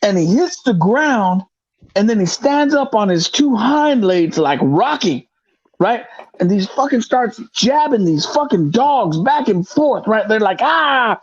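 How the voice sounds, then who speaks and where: A man telling a hunting story in casual podcast chat, profane and animated, acting out the other people's voices. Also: sits high, unhurried, slightly rough, dry recording, lo-fi sound. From grew up in the projects. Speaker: podcast host.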